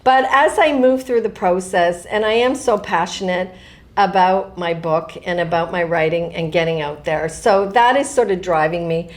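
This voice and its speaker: Middle-aged woman author, casual and animated interview guest. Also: lowish voice, normal speed. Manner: animated, laughs often, talks in asides and restarts.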